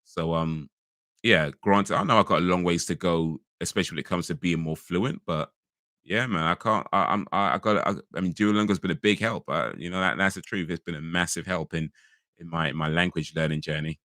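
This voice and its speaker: A man from England chats loosely to his stream viewers, circling back on himself and laughing at his own asides. His voice sits very low yet comes across bright and forceful. The sound is dry and close, with no room around it. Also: a little fast, dry recording. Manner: rambling, frequent restarts and fillers, laughs easily. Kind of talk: casual live-stream chat.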